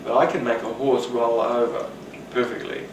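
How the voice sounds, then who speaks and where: A man giving a rambling, animated talk on rapport, now and then acting out the voices of people he quotes. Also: mid-range voice, normal speed. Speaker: teacher. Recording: roomy, distant, noisy.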